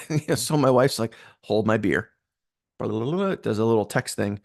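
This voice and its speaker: An upbeat man hosting a casual live stream, rambling cheerfully and greeting his viewers one by one. His voice sits at an ordinary middle pitch. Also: expressive, unhurried, vocal fry, a little mellow. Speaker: livestream host.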